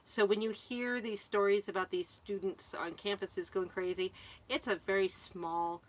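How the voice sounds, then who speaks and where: A middle-aged woman from Connecticut chatting on a live show at an ordinary, mid-range pitch. She talks casually and easily, reading out viewer comments and laughing often. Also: fairly even intonation, normal speed.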